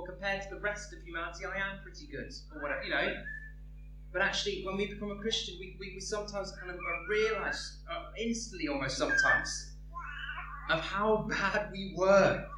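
A man's voice: high-pitched, pushed and bright. A man preaching a sermon in an earnest way, often repeating words as he searches for phrasing. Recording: echoey room, distant mic, faint hum.

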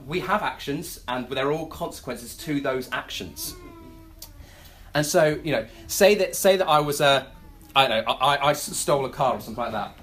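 A preacher giving a sermon, telling everyday stories with many restarts and quick acted-out asides. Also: mid-range voice. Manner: animated storytelling with many restarts.

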